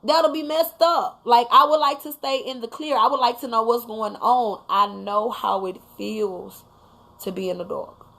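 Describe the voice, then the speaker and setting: A woman's voice: a little high, a little slow, vocal fry, bright, forceful tone. A mother hosting a casual live talk, speaking emphatically and bluntly to her viewers, now and then swearing. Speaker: livestream host talking to viewers.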